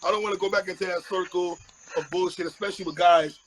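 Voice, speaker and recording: A man's voice: high voice, fairly even intonation, fast. A man hosting an interview in a casual, agreeable way, chiming in often and laughing easily. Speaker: interview host. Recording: loud background noise.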